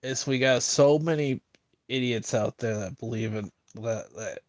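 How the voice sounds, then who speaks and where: Man, mid-pitched, dry close sound; loose rambling streamer delivering a mocking monologue. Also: a little slow, no echo. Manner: rambling, filler-heavy, mocking.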